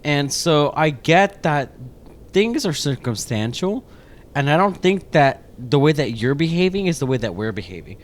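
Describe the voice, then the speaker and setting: A man's voice: a little high, normal speed. A man co-hosting a podcast in casual chat, telling a rambling story full of swearing. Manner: animated, rambling, swears a lot. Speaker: podcast co-host.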